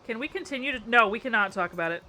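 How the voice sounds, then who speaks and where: Young female streamer, bright tone, casual chat, quick exasperated reactions. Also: a little high, animated. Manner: playful, exasperated, reacting to chat with frequent laughter. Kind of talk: casual live-stream chat while building in a game.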